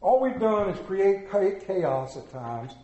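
A man with a notably high voice preaches in a folksy, conversational way, pressing rhetorical questions on his congregation. His voice rings around a roomy church. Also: big pitch swings, slow, warm tone, muffled recording. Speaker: pastor. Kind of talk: sermon.

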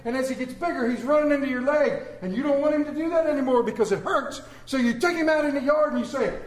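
A man's voice: extremely high pitch, darkish tone, reverberant. A man preaching a sermon, telling stories with humor and calling for responses. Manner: storytelling with humor, call and response. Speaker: pastor.

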